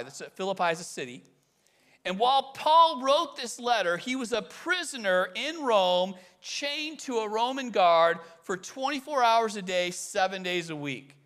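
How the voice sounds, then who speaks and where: A pastor from the Bay Area giving a conversational sermon, telling stories with animated swings between loud emphasis and quiet asides. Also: male voice, high-pitched. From California Bay Area.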